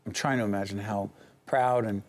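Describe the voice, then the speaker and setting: A man hosting a TV interview, energetic and quick to jump in with questions. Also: lowish voice. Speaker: TV interview host. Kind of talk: studio interview. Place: university campus studio.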